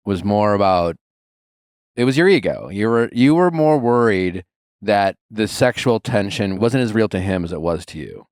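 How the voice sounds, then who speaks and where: Low-pitched guy host giving blunt advice, dry close sound. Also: smooth, dry recording. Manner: blunt, probing, challenging. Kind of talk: casual advice talk.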